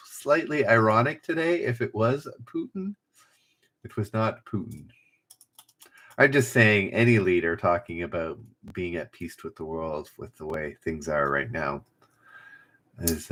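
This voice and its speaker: A man's voice: low voice, a bit bright. A man hosting a casual trivia livestream, reading each clue twice and joking with the chat. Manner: chatty, reads clues twice, jokes with chat.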